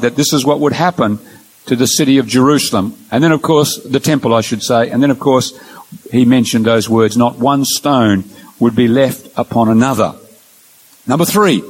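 A man's voice: fairly high pitch, husky, rough recording. Earnest man teaching a Bible lecture. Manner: measured, explains point by point with numbered points.

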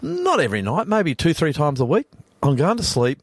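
Rambling older Australian radio host. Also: male voice, a little high, huge pitch swings, moderate pace, slightly rough, dry recording. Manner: rambling and self-deprecating, repeats himself. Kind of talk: casual radio chat.

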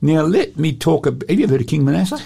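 A man, presenting a talk show and telling Bible stories with lively quoted voices. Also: a little high, fast, creaky, slightly rough. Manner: animated storyteller acting out quotes.

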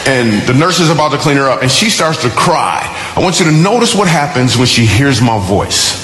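A man's voice: medium pitch, big pitch swings, a little fast. A man preaching a sermon through a personal story, talking in a conversational, joking way before turning earnest. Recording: roomy hall with loud music underneath.

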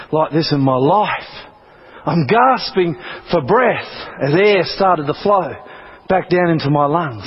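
A man's voice: high voice, slightly rough. A man from Australia, a preacher telling a testimony in an earnest, dramatic way with repeated phrases, on a dull lo-fi recording. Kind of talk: sermon testimony.

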